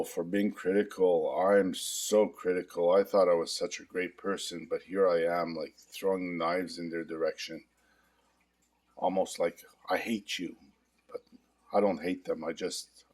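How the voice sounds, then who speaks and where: Middle-aged guy, super low voice, pretty monotone, calm confessional tapping demo. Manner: calm, confessional, repetitive affirmations. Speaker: hypnotherapist demonstrating tapping. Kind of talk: guided self-help demonstration.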